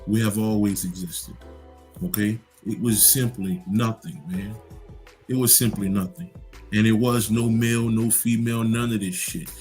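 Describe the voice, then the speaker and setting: A man's voice: fairly low pitch, steady tone, moderate pace, darkish tone, faint music behind. A man giving a casual, rambling spiritual monologue, profane and full of restarts. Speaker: host.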